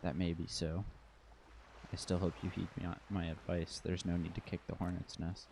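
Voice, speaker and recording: Guy voicing a cool careful mercenary liaison lady, real low gravelly tone, barely moves, faint hiss behind. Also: level tone, normal speed, darkish tone. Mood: guarded. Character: composed mercenary liaison woman, guarded and diplomatic.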